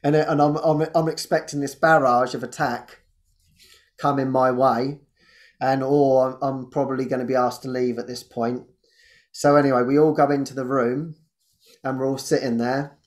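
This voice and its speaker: A man, hosting and telling a personal testimony in an animated way, laughing often and restarting his sentences. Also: medium pitch, moderate pace. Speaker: host.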